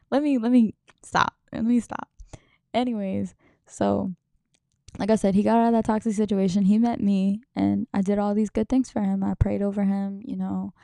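A woman's voice: mid-range voice, gravelly, dark tone, smooth, no echo, clean studio sound. A young woman hosting a podcast, talking in a rambling, emotional way, swearing and laughing often. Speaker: podcast host. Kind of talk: casual podcast monologue.

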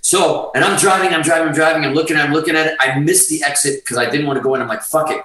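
A man's voice: fairly high pitch, fairly even intonation, rapid-fire, pushed and bright, reverberant, recorded from a distance, poor audio. A middle-aged man, telling rambling, profane stories in a casual chat as a musician guest.

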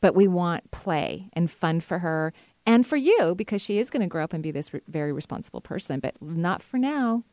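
A woman's voice: lowish voice, animated, normal speed, dry recording. A woman hosting an advice show, talking casually to callers and laughing often. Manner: warm, chatty, laughs often. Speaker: intuitive advice show host.

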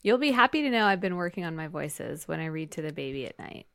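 A woman co-hosting a podcast in casual chat, good-humored and quick to laugh. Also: fairly low pitch, lively intonation, a bit bright, no echo, clean studio sound. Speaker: podcast co-host.

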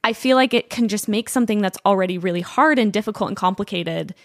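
A woman hosting a podcast, asking gentle questions and reflecting back in an affirming way. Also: medium pitch, fast talker, dry recording, clean studio sound. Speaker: podcast host. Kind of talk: empathetic interviewing.

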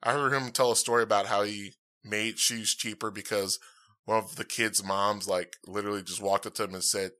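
A man's voice: fairly low pitch, fairly even intonation, brisk, bright, forceful tone. A man hosting his own podcast in casual, rambling chat, upbeat and full of fillers, speaking into a dynamic podcast mic. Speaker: podcast host.

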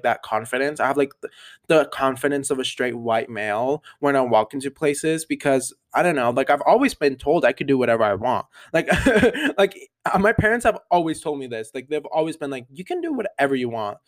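A nineteen-year-old man hosting a solo podcast, rambling casually with lots of fillers in an animated, upbeat way. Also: medium pitch. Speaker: podcast host.

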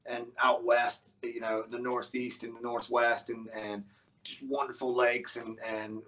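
A man guesting on an interview show, talking in a loose, rambling way with lots of restarts and fillers. His voice sits at an ordinary middle pitch, and he gets animated as he tells his stories. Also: a little slow. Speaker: guest musician. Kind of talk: casual interview storytelling.

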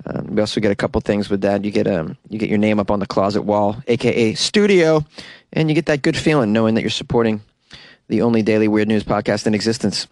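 A man's voice: fairly low pitch, fairly even intonation, quick pace, a little mellow, no echo. A young man with a Boston accent hosting a solo podcast from a small closet studio, joking and self-deprecating with frequent laughs. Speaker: podcast host. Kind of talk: casual solo podcast chat.

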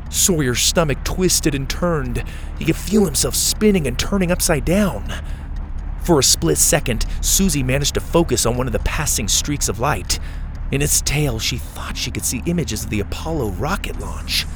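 A man reading a scripted children's adventure story as the show's storyteller, in an even, measured way. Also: mid-range voice, slight background noise.

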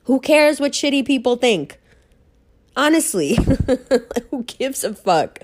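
A woman with a New York accent, her voice sitting a little high. She talks in a brash, profane, animated way, acting out quick bits of dialogue as she hands out blunt advice. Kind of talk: blunt monologue giving life advice.

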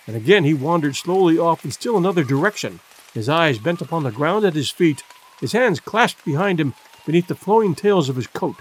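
A man reading a classic adventure novel aloud as audiobook narrator, measured and expressive. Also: a little high, husky. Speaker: audiobook reader. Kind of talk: scripted narration.

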